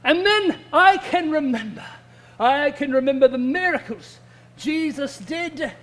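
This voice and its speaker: A man's voice: very high-pitched, expressive, unhurried, fairly bright tone, full character voice. A man playing the apostle Peter as a grandiose storyteller who rambles into silly asides in a kids' church skit. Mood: proclaiming.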